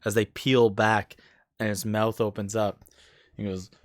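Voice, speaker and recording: A man narrating a tabletop role-playing game as game master, in a relaxed, rambling way with many fillers. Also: lowish voice, a little slow, no echo.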